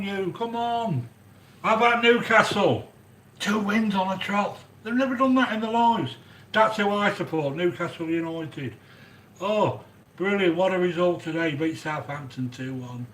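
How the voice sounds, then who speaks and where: Excitable rambling man in an echoey kitchen. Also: sits high, a little slow. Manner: rambling, excitable, answers viewers by name. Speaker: cooking video host. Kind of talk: chatty cooking livestream monologue. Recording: echoey room with faint background noise.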